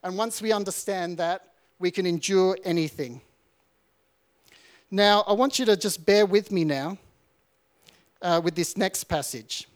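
A man's voice: sits high, measured pace, pauses often. A man preaching a sermon in an earnest, storytelling way, sometimes repeating words.

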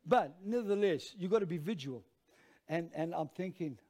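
A man with an Australian accent, a pastor telling a lively, self-mocking story as part of his sermon. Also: fairly high pitch, moderate pace.

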